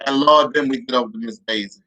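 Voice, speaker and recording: A man's voice: medium pitch, fast talker, sharp tone, highs cut off. A man telling comic childhood stories in a rambling, profane way with many restarts. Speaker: comedian. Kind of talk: comedic storytelling.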